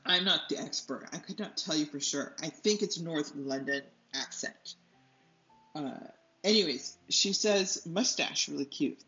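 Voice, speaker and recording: A woman's voice: low voice, a little slow, pushed and bright. A woman chats casually as she paints, drifting from one thought to the next and laughing at herself when she loses track. The room sounds roomy and the audio a bit dull, with faint music underneath. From United States. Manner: rambling, loses her train of thought, laughs often. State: allergies. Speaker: artist and channel host. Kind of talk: casual chat while painting.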